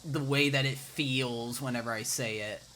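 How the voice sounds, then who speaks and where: A man's voice: mid-range voice, steady tone, moderate pace, crowd noise. A man from the American Midwest, the game master, chatting and joking playfully with his players before the session. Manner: playful, jokey. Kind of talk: casual pre-game chat.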